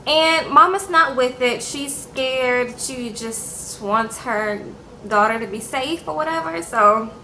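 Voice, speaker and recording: A woman's voice: high voice, slow, bright, forceful tone, slight background noise. A young woman chatting casually to her viewers as she recaps a TV episode, often checking in with "okay?". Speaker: TV show reviewer. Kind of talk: casual chat.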